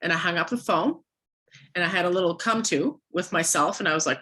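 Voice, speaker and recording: A woman with a hoarse, worn-out voice giving a motivational coaching talk to a sales team, firing off rhetorical questions at her listeners. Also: lowish voice, normal speed, pushed and bright.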